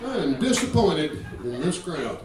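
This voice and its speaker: A man's voice: a little high, big pitch swings, unhurried. A man doing profane stand-up, teasing the crowd and telling drawling stories on a comedy club stage. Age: 50s. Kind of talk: stand-up routine with crowd work. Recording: roomy club sound from a distance. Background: guitar and audience laughter.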